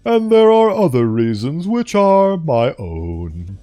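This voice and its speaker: Guy putting on a posh old lizard monster, slow n formal, kinda high. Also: sing-song, warm tone, no room sound, studio quality. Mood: cold, formal. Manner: formal, measured, posh diction. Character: posh ancient reptilian monster, horse of Death.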